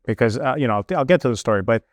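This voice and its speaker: Animated young man telling a story. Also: mid-range voice, very fast, no echo, studio quality. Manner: animated, lots of fillers, mimics officials. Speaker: guest telling a travel story. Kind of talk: casual storytelling.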